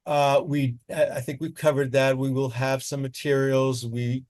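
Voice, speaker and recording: Halting male moderator, plain mid voice, dry mic. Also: medium pitch, little pitch movement, darkish tone, dry recording. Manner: halting, many fillers. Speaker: panel moderator. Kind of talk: casual online panel talk.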